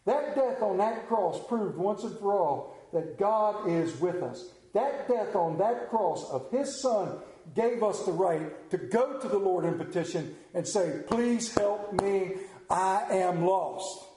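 A man preaching a sermon as pastor, conversational and joking, often dropping to a hushed voice. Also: sits high, animated, unhurried. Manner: humorous, conversational preaching with sudden hushed drops. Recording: roomy church echo.

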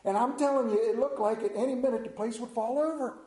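Man, folksy storyteller, high voice, dramatic drawn-out delivery, roomy echo. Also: mellow.

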